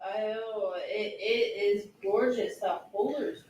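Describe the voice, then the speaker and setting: A woman co-hosts a charity auction on a live stream, soft-spoken and admiring. She talks slowly from some distance off the mic. Her voice sounds echoey, with a faint room noise behind it. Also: medium pitch. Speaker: co-host.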